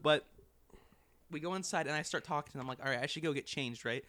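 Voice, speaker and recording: Young man telling a story, higher voice. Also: fast talker, no echo. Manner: animated, laughing, swearing freely. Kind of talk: casual storytelling among friends.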